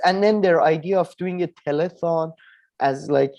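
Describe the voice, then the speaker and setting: A man's voice: on the high side, moderate pace, dark tone. A man co-hosting a casual political debate chat, heated and rambling, swearing and filling gaps with many "uh"s. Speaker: podcast co-host.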